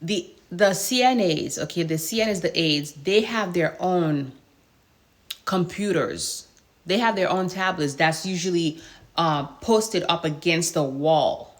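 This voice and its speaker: A woman's voice: lowish voice, measured pace. Exasperated woman vlogger venting a story. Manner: animated, exasperated storytelling with rhetorical questions. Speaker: hospice nurse and vlogger. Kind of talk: casual storytelling vlog.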